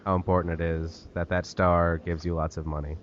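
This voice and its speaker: A man's voice: deep voice, flat delivery, a little fast, dull audio, a little hiss or hum. Joking young man co-hosting a podcast. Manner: joking, plugs the show. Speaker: podcast co-host. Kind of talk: casual podcast chat.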